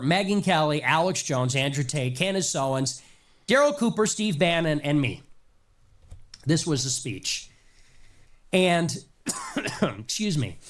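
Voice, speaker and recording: A man giving a sarcastic, mocking political commentary monologue, fighting a lingering cough and leaning hard on emphatic lists. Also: on the high side. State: nagging cough.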